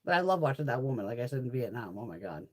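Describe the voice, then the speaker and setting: Middle-aged woman, casual beauty vlogger; animated, profane storyteller with a lively, swooping pitch. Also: very fast, breathy edge. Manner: swears freely, laughs often, animated storytelling. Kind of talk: casual chit-chat.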